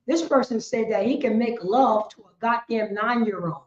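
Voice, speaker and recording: A woman with a New York accent teaching a religious class in a loud, impassioned street style, shouting and swearing as she speaks. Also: on the high side, moderate pace. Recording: roomy, dull lo-fi stream audio.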